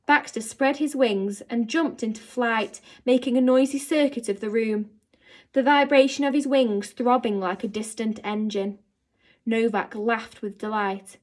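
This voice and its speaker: A woman teacher reading a children's novel aloud to her pupils in an expressive storytelling manner. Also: mid-range voice, measured pace.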